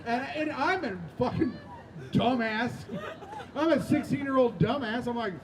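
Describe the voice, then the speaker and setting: A man's voice: extremely high pitch, unhurried, crowd noise, background noise. A young man doing a stand-up set on a rooftop in a conversational way, full of "like" and "right?". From United States. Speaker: stand-up comedian. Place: outdoor rooftop.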